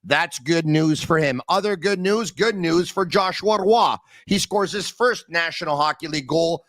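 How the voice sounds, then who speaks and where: A man's voice: fairly high pitch, normal speed, fairly bright tone, dry recording. A man hosting a hockey podcast, talking energetically and emphatically and repeating phrases for effect. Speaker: podcast host. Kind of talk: hockey talk podcast monologue.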